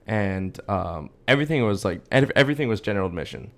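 A man's voice: on the low side, expressive, fast talker, a bit bright. A young man co-hosting a podcast, telling a rambling story in casual chat with many fillers. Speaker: podcast co-host.

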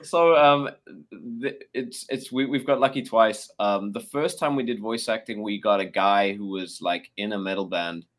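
A man's voice: lowish voice, normal speed, a bit bright. A man, a game developer guest, chatting casually and rambling, with many fillers and restarts. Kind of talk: casual chat.

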